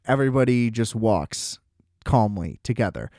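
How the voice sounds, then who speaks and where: A man talks through a film in a casual review chat, his pitch sitting in a middle range. His delivery is loose and joking, with plenty of swearing. The recording is dry and close, with no room echo. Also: animated, moderate pace, a little mellow, clear, resonant tone. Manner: loose, profane, joking recap with laughs. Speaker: film review show host.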